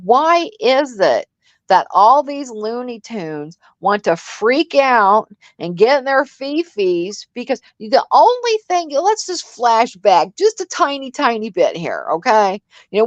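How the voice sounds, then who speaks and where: A woman in her sixties co-hosts a live commentary stream, chatting casually in a blunt, sassy, profane way and acting out what people said. Her voice is medium-pitched, and the recording is lo-fi with no echo.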